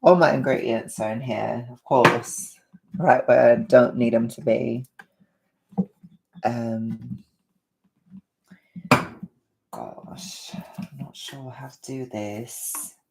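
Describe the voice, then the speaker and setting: A woman's voice: very deep voice, steady tone, takes it slowly, creaky, pauses often, echoey room, heavy background noise. A woman casually chatting on a livestream while cooking at home, rambling and self-deprecating. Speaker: livestreaming vlogger. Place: home kitchen.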